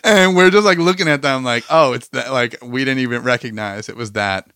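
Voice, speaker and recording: A man's voice: medium pitch, brisk, a bit bright, clean tone, dry recording, studio quality. A young man from New Jersey with a Jersey accent, co-hosting a podcast in loose, swearing chat with friends. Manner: loose, swearing, laughs often. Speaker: podcast co-host. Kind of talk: casual chat.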